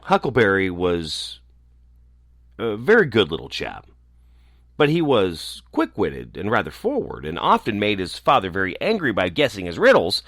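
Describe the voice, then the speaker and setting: A man reading a children's story aloud, expressive and animated. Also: lowish voice, no echo, studio quality.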